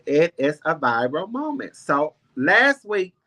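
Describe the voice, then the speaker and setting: A sassy man dishes celebrity gossip to a live audience in a loose, rambling chat. His voice sits a bit high and rings bright and forceful. He keeps tossing in "girl" and "honey" between the ums. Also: very animated, takes it slowly. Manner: sassy, chatty, calls viewers girl and honey; rambling with many ums and restarts. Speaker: host of a celebrity gossip livestream. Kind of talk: casual chat with live viewers.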